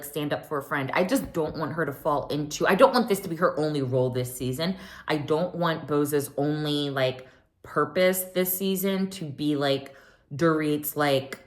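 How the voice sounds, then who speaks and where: A woman hosting a casual TV recap, chatty and animated, often acting out what people said. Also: sits low. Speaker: recap podcast host.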